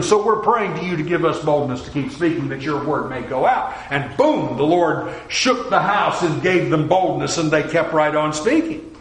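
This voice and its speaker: Lively, high-voiced male preacher. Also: reverberant, rough recording. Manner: animated, acts out quoted voices with sudden drops to a hush. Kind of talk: sermon.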